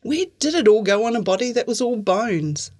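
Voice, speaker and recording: A woman author reading her own fiction aloud in an even, clear storytelling manner. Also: a little high, normal speed. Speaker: author reading their work.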